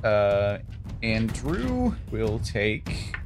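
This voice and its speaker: A game master narrating a tabletop game in a relaxed, descriptive way, with frequent fillers. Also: medium pitch, extremely slow, over music.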